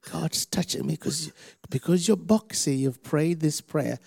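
Gravelly preacher praying prophetically. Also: male voice, fairly high pitch. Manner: slow, emphatic, shouts commands at spirits then softens to near whispers. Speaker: preacher praying over people. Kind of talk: prophetic ministry and prayer.

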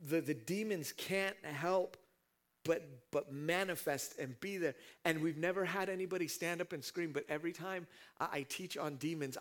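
A man preaching a sermon as pastor, dropping to a hush and then rising to shouts as he acts out scenes from the passage. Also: a little high. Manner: dramatic swings from hushed to shouting, acting out scenes.

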